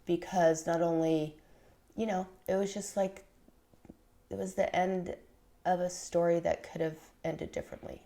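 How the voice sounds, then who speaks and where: A middle-aged woman speaks as a guest in a relaxed podcast conversation. Her voice sits on the low side, and she talks candidly and loosely, circling back with fillers and restarts as she works through her thoughts. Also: measured pace. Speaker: podcast guest, memoir author. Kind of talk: conversational interview.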